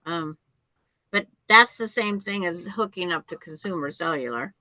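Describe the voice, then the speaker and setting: A woman's voice: on the low side, normal speed, bright, forceful tone, dry recording, rough recording. A woman chatting on a video call who argues her point insistently with many restarts. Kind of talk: casual chat.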